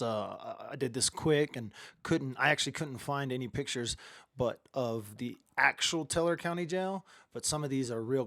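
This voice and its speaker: A man's voice: medium pitch, fairly bright tone, no echo, studio quality. A man hosting a casual livestream, talking straight to his camera in a chatty, rambling storytelling way. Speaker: livestream host. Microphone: webcam or phone camera at close range.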